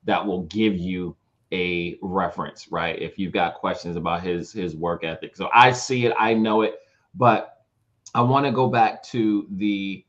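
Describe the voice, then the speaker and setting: A man with a low voice co-hosts a relaxed podcast chat. He talks loosely, with plenty of fillers and quick agreements. The recording sounds dull and lo-fi. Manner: conversational, lots of fillers and agreeing interjections. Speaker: podcast co-host.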